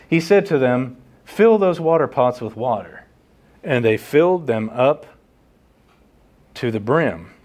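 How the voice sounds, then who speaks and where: A man preaching an expository sermon, teaching earnestly and repeating key phrases for emphasis. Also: medium pitch. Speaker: pastor.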